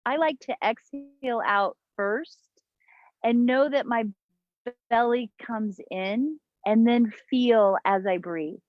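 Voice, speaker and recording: A woman teaching a yoga breathing class outdoors, giving slow, soothing cues with long pauses, recorded on a camera mic. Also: a little high, no echo, phone-quality sound. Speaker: yoga instructor. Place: outdoors in the mountains. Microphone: camera mic, looking up at camera.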